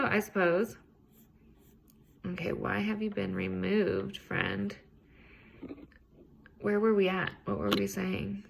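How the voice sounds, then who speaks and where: A woman's voice: medium pitch, level tone, slow, creaky. A woman hosting a podcast, talking casually and earnestly on her own, encouraging and a bit rambling. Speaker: podcast host. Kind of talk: casual solo self-help talk.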